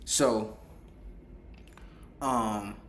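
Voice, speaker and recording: Male storyteller, casual rambling monologue, lively delivery, reverberant room. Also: on the low side, extremely slow, a little hiss or hum. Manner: rambling, animated, acts out quoted dialogue. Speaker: storyteller vlogger.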